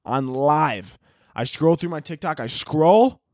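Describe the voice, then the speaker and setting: A man hosting a podcast alone, rambling through a crude comedic monologue and jumping into loud shouted bits. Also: on the high side, animated, slow, dry recording, clean studio sound. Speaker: podcast host.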